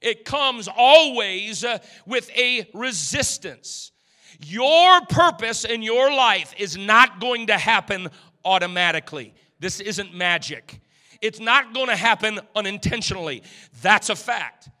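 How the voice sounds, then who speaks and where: Male preacher, high-voiced, fervent exhorter, church pulpit energy, punchy delivery; needs a piercing, bright tone. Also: lively intonation, measured pace, big-room sound. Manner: fervent, exhorting, calls out to the congregation. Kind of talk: energetic sermon.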